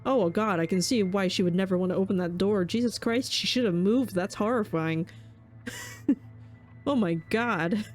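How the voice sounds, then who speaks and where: Woman streamer, mid-pitched voice, reads horror game text dramatically and interjects shocked reactions; faint music underneath. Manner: dramatic slow reading broken by startled exclamations. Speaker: VTuber streamer playing a horror visual novel. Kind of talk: reading game text aloud with live reactions.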